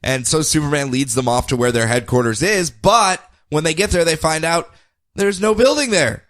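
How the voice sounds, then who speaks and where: A man hosting a podcast, casually recapping comics in a jokey, animated way. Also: on the high side, normal speed, no room sound, clean studio sound. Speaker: podcast host.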